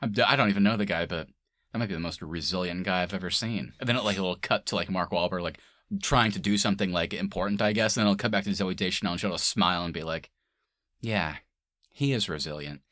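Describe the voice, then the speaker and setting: A young man co-hosting a podcast, chatting casually about movies, laughing often and mimicking characters in a high voice. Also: quick pace, a bit bright, no room sound, studio quality. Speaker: podcast co-host. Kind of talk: casual movie review chat.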